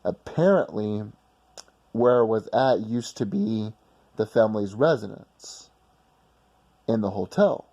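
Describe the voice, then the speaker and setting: A man's voice: on the low side, lively intonation, slow, long pauses, warm tone, dull audio. A man casually telling a personal story in a rambling, blunt way with some swearing.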